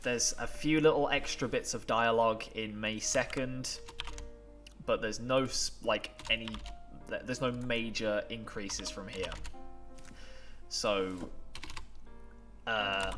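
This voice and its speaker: A man's voice: lowish voice, fairly even intonation, measured pace, fairly bright tone, faint music behind. A man commenting on a game playthrough in a chatty, emotional way, laughing and moved as he wraps up. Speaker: gaming YouTuber.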